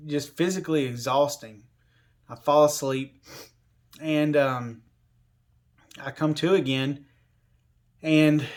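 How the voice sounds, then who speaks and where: A man casually telling a personal story in a rambling, conversational way, full of fillers like "you know" and "like.". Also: medium pitch.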